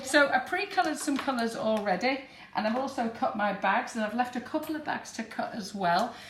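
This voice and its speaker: A woman's voice: a little high, animated, normal speed. Chatty northern English woman baking. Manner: chatty and warm, laughs often. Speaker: baking demonstrator. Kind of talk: live baking demonstration chat. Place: kitchen. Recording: roomy kitchen with background noise.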